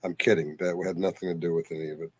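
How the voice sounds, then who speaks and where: A man's voice: low-pitched, little pitch movement, racing, a little mellow, husky. A man co-hosting a casual live-stream, rambling and teasing the others. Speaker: stream co-host.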